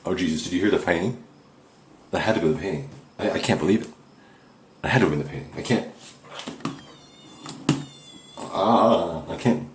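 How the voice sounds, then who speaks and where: In a reverberant space with slight background noise, a deep-voiced man hosts a mock paranormal investigation. He rambles and fakes panic and awe in a comic, mock-serious ghost hunt.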